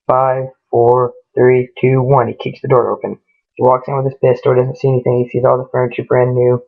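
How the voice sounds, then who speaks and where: A man with a gravelly, creaky voice tells a ghost story in a loose, rambling way, piling events on with "he goes" and "she goes". His pitch stays flat and even. The sound is thin and tinny, as if it came over a phone line. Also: quick pace. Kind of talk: casual spoken ghost story retelling.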